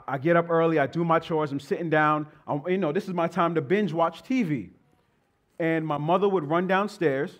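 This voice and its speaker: A man in his thirties, a pastor leading prayer and then telling stories to his congregation in an animated, conversational way. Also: high-pitched. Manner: animated, conversational preaching with playful asides to the congregation. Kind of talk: sermon with prayer and storytelling.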